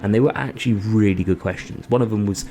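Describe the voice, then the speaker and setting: Male podcast co-host, low gravelly mellow voice, rambling story delivery, faint music behind. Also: fast talker. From England. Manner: rambling, filler-heavy storytelling. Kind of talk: casual chat.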